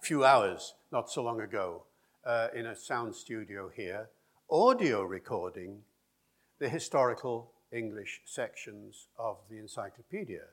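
A man giving a public lecture in a lively, discursive way, with chatty asides. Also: on the low side, unhurried. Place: lecture hall with an audience.

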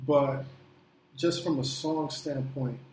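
A man co-hosting a casual pop-culture chat, speaking in a reflective, measured way and searching for his words. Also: on the high side, steady tone, a little mellow, roomy sound, a little hiss or hum, poor audio. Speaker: co-host, interviewer.

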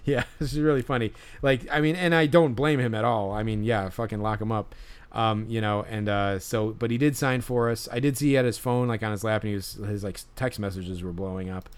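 A man's voice: on the low side, steady tone, a little fast, clear, resonant tone. A young man hosting a podcast, telling a story in casual chat with many fillers and restarts. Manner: rambling, many fillers and restarts, laughs along. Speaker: podcast host.

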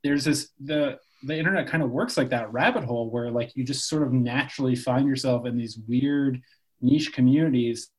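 A man's voice: medium pitch, moderate pace, slightly rough, low-quality recording. Casual man from Canada. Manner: loose, swears freely, lots of "like" and "sort of". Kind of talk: casual podcast chat.

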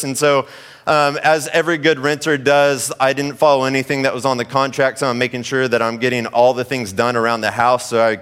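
A man in his thirties preaching a sermon, telling a family story in a lively, conversational way. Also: mid-range voice, clean tone. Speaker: pastor.

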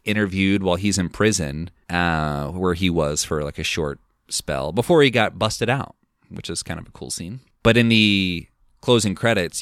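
A man's voice: deep voice, fairly bright tone, clean tone, dry recording, clean studio sound. A man hosting a film podcast, recounting a movie plot in a rambling, casual way full of fillers. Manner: rambling, filler-heavy retelling. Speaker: podcast host.

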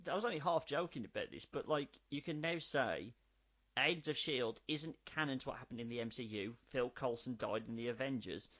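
A man, chatting casually as a podcast co-host, animated and swearing freely. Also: mid-range voice, brisk. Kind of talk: casual chat. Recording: slightly dull lo-fi audio.

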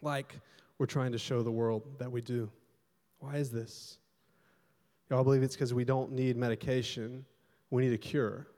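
A young adult man preaching a sermon as pastor, telling stories animatedly and swinging between loud bursts and hushed, quiet stretches. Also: medium pitch, level tone, measured pace, long pauses. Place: church hall. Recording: long hall reverb.

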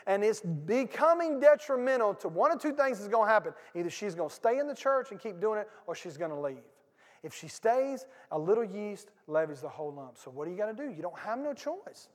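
A man preaching a sermon as pastor, talking conversationally, swinging from loud bursts to hushed asides and repeating phrases for emphasis. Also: high voice, in a large hall. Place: church sanctuary.

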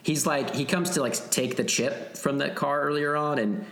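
A man co-hosting a podcast, chatting about a movie in an animated, casual way and swearing freely. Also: a little high, moderate pace, gravelly, reverberant. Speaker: podcast co-host. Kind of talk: casual movie recap chat.

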